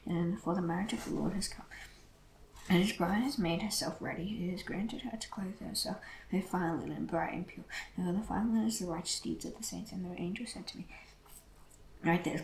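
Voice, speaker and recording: A regular reader reading scripture aloud, steady and measured, with occasional restarts. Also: mid-range voice, creaky. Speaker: Bible reader. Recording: echoey room with faint noise.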